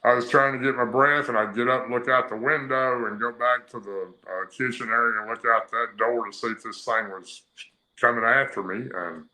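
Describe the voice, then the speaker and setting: A man's voice: medium pitch, fairly even intonation, moderate pace, bright, forceful tone. Man telling a long story, echoey. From Tennessee. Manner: rambling, plain-spoken storytelling with many fillers. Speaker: guest. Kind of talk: telling a personal story on a radio interview. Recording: echoey, roomy sound.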